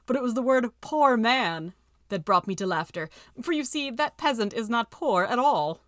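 A woman voicing a haughty, wealthy male landowner who speaks in a booming, amused, condescending way. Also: animated, moderate pace, no room sound, clean studio sound, close to an everyday voice.

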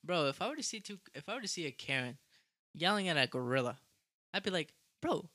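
A man's voice: fairly high pitch, big pitch swings, fast, bright, forceful tone, no echo. A young man co-hosting a casual podcast, slangy and profane, joking and laughing with his friend. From Mexican heritage. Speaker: podcast co-host. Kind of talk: casual podcast banter and freestyle rap.

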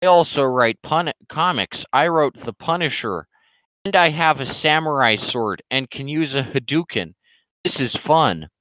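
A man voicing a belligerent, loudmouthed male internet troll in a higher, louder, slow and drawn-out ranting voice. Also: lively intonation, no echo, poor audio. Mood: mocking rant. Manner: ranting, insulting, drawn-out emphatic delivery.

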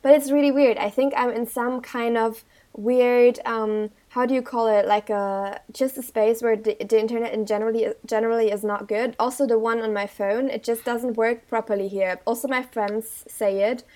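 A woman's voice: a little high, steady tone, normal speed, warm tone. A young woman with a German accent, co-hosting a casual podcast chat and talking hesitantly with many fillers. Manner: hesitant, many fillers and restarts, laughs often. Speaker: podcast co-host.

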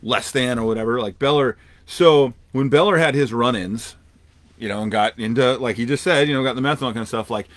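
Fast-talking man, rambling and emphatic. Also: mid-range voice, no echo. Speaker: podcast co-host. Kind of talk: casual chat.

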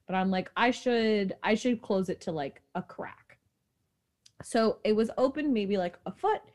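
A young woman from New York talks quickly and tells her story with animated energy. She co-hosts a casual chat podcast. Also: medium pitch. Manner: fast-talking, animated storyteller. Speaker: podcast co-host.

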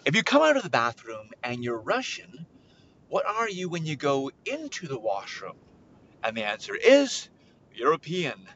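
A man hosting a children's podcast, telling a story and coaxing young listeners to shout along. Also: mid-range voice, very animated, moderate pace, lo-fi sound, slight background noise.

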